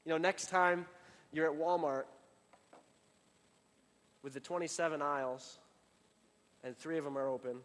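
A man preaching a sermon in a casual, conversational way, full of fillers and restarts, building up and then dropping to a quiet emphasis. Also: a little high, fairly even intonation, a little slow, long pauses, in a large hall. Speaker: pastor.

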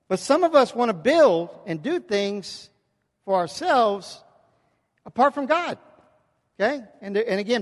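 High-voiced male preacher in a reverberant hall. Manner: emphatic preaching, often checks in with the congregation. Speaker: pastor. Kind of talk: sermon.

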